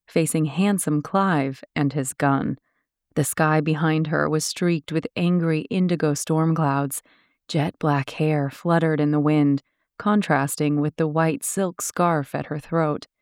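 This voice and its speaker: Low-voiced woman narrating an audiobook. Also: no room sound, studio quality. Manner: steady, descriptive storytelling.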